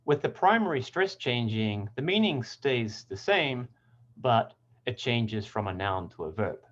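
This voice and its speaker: A man teaching English pronunciation, speaking in clear, deliberate tones and carefully sounding out example words. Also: lowish voice, lo-fi sound. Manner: clear, deliberate word demonstrations. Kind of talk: scripted lesson narration.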